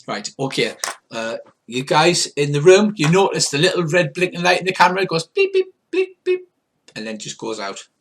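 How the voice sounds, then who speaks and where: A man's voice: on the high side, expressive, a little fast, hardly any pauses, a bit bright, slight background noise. An older man from England narrating as game master of a tabletop game, in loose, rambling narration with restarts and sound effects.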